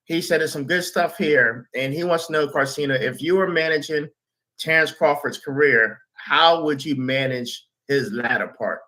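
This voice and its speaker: A man's voice: a little high, normal speed, pushed and bright. A man hosting a casual interview show, chatting and reading out viewer questions. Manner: conversational, reads viewer questions. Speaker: show host.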